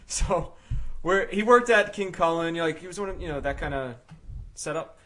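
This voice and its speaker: A man in casual chat, telling a story in an animated way, laughing often and checking in with "right?". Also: on the high side, normal speed. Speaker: podcast co-host.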